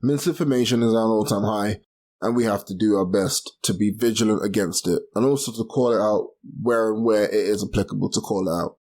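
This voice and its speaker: A man's voice: lowish voice, a little fast, a little mellow. A young man from London hosting a solo podcast, rambling casually and laughing at his own slips. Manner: rambling, self-deprecating, laughs at himself. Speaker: podcast host.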